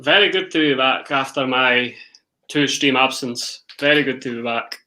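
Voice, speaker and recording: A man with a bright, forceful voice co-hosts a football stream. His talk is playful, casual banter with the other hosts. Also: medium pitch, normal speed, low-quality recording. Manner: jokey, playful. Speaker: co-host.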